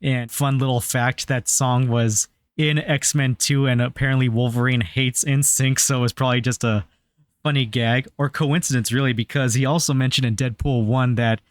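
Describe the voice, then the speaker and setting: A laid-back man talks over a film on a podcast, tossing in trivia and the odd swear word. He speaks at a middling pitch, and the recording is dry and close-miked. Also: normal speed, no echo. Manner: relaxed, swears casually, adds trivia. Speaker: podcast co-host. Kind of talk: casual movie review chat.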